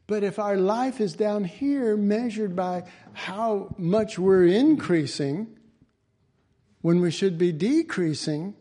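A man's voice: high voice, lively intonation, slow pace, warm tone. A man giving an informal Bible teaching in a folksy way, chuckling often and restarting his phrases.

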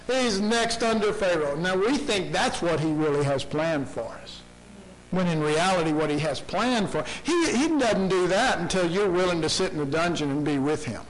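Impassioned high-voiced male preacher. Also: slight background noise, poor audio. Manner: impassioned, dramatic, swinging from soft to loud. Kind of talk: sermon.

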